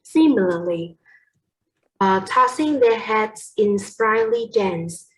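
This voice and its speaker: A woman's voice: mid-range voice, animated, slow, rough recording. A young woman with a Vietnamese accent gives a class presentation on poetry, hesitating often with fillers and correcting herself as she goes.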